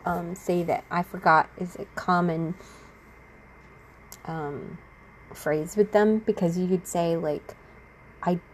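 A woman's voice: fairly low pitch, a little mellow, a little hiss or hum. Chatty woman who laughs as she talks. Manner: chatty, laughs often, acts out quotes. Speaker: vlogger sharing personal experience. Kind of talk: casual talk to camera.

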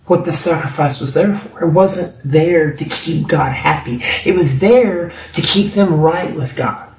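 A man's voice: a little high, unhurried, creaky, darkish tone, recorded from a distance. A man preaching a sermon as pastor, voicing scripture passages with rising force. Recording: echoey room.

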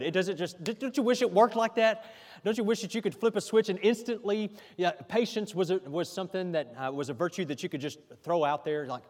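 A man's voice: a little high, a little fast. Man preaching with hall reverb. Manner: emphatic preaching, asks the congregation to respond. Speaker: pastor. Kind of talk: sermon.

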